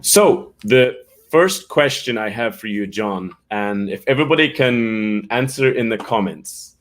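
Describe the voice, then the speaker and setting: An Irish man hosts a casual live-stream chat for English learners, greeting viewers by name and laughing often. His voice is lowish, a little slow, with lively intonation.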